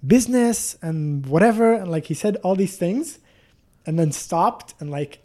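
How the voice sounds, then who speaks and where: A man's voice: high voice, unhurried, warm tone. A man telling a comedic story on a podcast, rambling with lots of fillers and swearing, rising to exasperated outbursts.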